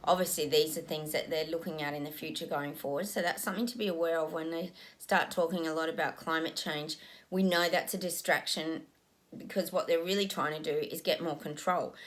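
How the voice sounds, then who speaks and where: A woman talks through a psychic reading in a loose, unscripted way. Her voice sits fairly low, and she muses aloud with many ums as she describes images she says she is receiving. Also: fairly even intonation, a little fast. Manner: musing, frequent ums, describes visions as they come. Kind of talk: casual spoken psychic reading.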